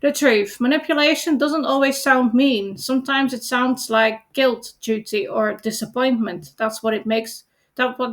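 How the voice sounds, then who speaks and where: A woman coach reading a chat reply aloud in a gentle, reassuring way and explaining it on a product demo. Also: fairly high pitch, gravelly.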